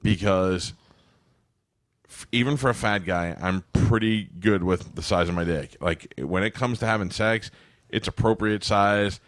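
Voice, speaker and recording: A man's voice: on the low side, measured pace, dry recording, studio quality. A man co-hosting a casual comedy podcast, talking in a rambling, bawdy way with many restarts and asides.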